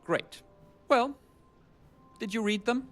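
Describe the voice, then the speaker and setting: A dry German archivist. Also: male voice, very high-pitched, slow, fairly bright tone, soft background music, exaggerated voice. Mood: curt. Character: dry, world-weary male German archivist. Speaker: game character. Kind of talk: game voice acting.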